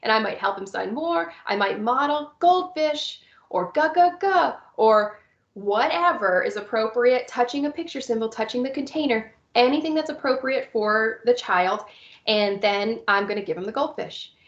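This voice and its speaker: Speaking at a moderate pace, a woman with a somewhat high voice gives a recorded, step-by-step presentation about young children with visual impairments, voicing cheerful teacher lines. Dull audio and a reverberant room mark the recording.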